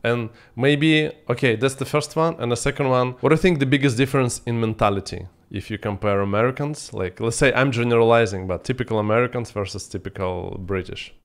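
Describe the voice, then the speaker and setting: A man's voice: medium pitch, fairly quick, few pauses. A man hosting an interview, asking short questions and hedging them lightly. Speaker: host, interviewer.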